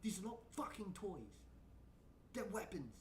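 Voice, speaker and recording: A woman's voice: mid-range voice, sing-song, unhurried, a little mellow, roomy sound, recorded from a distance, a little hiss or hum. A woman VTuber streamer giving blunt, profane reaction commentary and ranting at what she watches.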